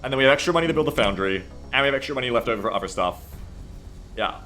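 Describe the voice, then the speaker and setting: A man's voice: mid-range voice, animated, very fast, pushed and bright, soft background music. A man streaming live and chatting casually. He reads chat aloud, rambles, and swears freely.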